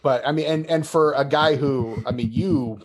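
A man's voice: medium pitch, moderate pace. Chatty man hosting a podcast. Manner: chatty and friendly. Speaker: podcast host. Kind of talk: casual podcast chat.

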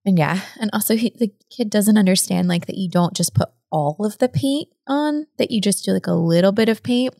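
A woman's voice: mid-range voice, brisk, gravelly, hardly any pauses, mellow, no room sound, studio quality. A woman in her thirties co-hosting a podcast, chatty and laughing often. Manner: giggly, chatty. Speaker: podcast co-host. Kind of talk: casual podcast chat.

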